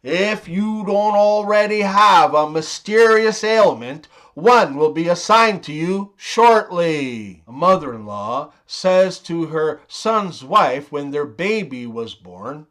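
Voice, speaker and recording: Slow, high-voiced man telling jokes. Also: expressive, fairly bright tone. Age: 40s. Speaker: joke teller. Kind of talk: narrated joke compilation.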